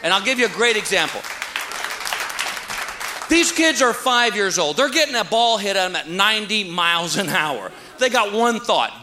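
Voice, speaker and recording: Lively high-voiced comedian on stage. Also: male voice, normal speed, a crowd in the background. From Texas. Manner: animated storytelling, acts out characters. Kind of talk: stand-up comedy. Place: stage before a live audience. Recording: live show with audience laughter. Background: audience laughter and noise.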